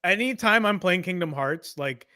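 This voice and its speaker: A man's voice: high voice, lively intonation, normal speed, pushed and bright. A man in his thirties, a podcast co-host, talking in crude casual chat, profane and laughing often. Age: 30s.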